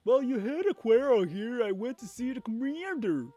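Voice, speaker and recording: A man voicing a stout, easygoing male soldier in a loud, jovial way. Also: extremely high pitch, sing-song, moderate pace, voice pushed up, full character voice. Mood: matter-of-fact.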